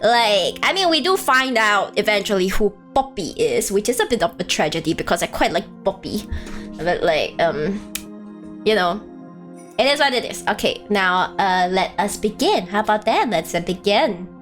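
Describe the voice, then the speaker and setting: A woman chatting casually on a live stream, animated and rambling, breaking into frequent laughter. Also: mid-range voice, normal speed, soft background music.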